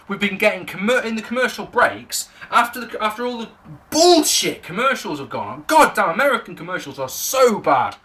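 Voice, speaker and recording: A man's voice: sits high, pushed and bright. A man with an English accent giving a casual, sweary, ranting review of a wrestling show. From England.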